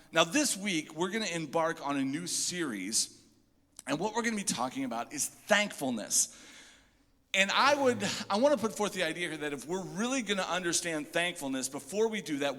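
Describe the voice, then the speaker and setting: A male pastor delivering a sermon, telling funny stories with lively asides. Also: fairly high pitch, moderate pace. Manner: animated storyteller, jokey asides. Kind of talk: sermon with humorous storytelling. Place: church hall. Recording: echoey hall.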